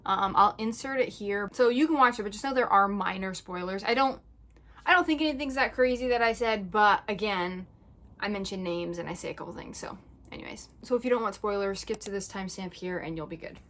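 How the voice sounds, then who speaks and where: A woman's voice: mid-range voice, fairly quick, a bit bright. A young woman chatting casually about books she plans to read and ranting about characters, filling her talk with "like". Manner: chatty, lots of "like", ranting and exasperated in the clip. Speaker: book vlogger. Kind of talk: casual reading vlog chat. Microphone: phone propped up.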